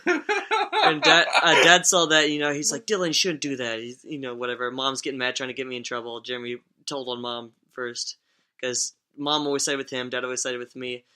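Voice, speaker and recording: Lively, bright-voiced young man telling stories. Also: medium pitch, normal speed, smooth. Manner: profane, rambling, laughs through stories. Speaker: podcast co-host telling stories. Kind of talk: casual storytelling chat.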